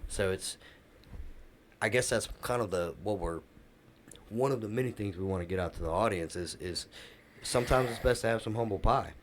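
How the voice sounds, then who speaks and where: A man's voice: lowish voice, moderate pace, long pauses, a little hiss or hum. A middle-aged man, a podcast co-host, telling a workplace story in casual chat and acting out the quoted dialogue.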